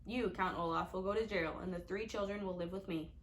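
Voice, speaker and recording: A woman voicing a kind female judge who speaks carefully and in measured phrases. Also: fairly low pitch, steady tone, slight background noise, close to an everyday voice. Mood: indignant.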